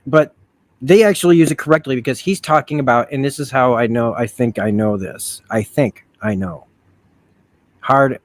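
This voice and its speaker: On a dry recording, a video essay host with a mid-range male voice muses aloud through a casual review. His delivery is rambling and profane, full of self-correcting restarts.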